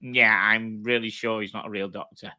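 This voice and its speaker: The host's voice sits fairly low, with fairly even intonation, a moderate pace, and a pushed, bright quality. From home, dogs nearby, he runs a casual live stream, reading viewer comments aloud and swapping sweary, matey banter, often laughing.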